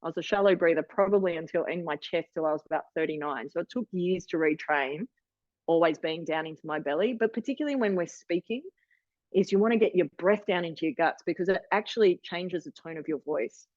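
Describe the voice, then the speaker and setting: A woman's voice: lowish voice, fairly quick, darkish tone, no room sound. Woman in her 40s running a zoom workshop, chatty and encouraging, dry dull call audio. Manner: chatty and encouraging, with frequent restarts. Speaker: practitioner leading a workshop. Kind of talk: online wellness workshop talk. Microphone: video call.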